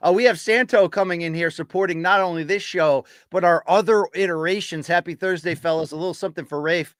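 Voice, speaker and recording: A man hosting a casual podcast, giving opinionated takes and running quickly through names and rankings. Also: sits high, no echo. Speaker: podcast host. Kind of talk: casual boxing podcast chat.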